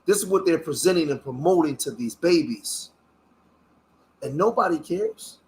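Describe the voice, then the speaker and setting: A man's voice: on the high side, expressive, normal speed, darkish tone, slight background noise. A man from Philadelphia giving a passionate, preachy reaction commentary, swearing as he talks. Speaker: online commentator.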